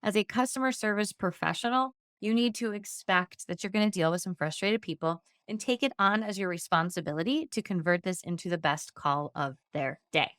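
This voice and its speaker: A woman's voice: medium pitch, fairly quick, few pauses, fairly bright tone, dry recording, studio quality. A woman hosting a podcast on customer-service training, talking in an upbeat, chatty way. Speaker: insurance agency trainer and podcast host.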